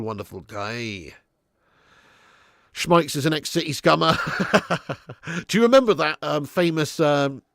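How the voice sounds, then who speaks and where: A man hosting a live football watch-along, excitable, yelling at the referee one moment and muttering the next, and chatting with his viewers. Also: vocal fry, dry recording, studio quality. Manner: excitable, yells at the referee, then drops to low muttering; swears and chats with live viewers. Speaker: fan channel host.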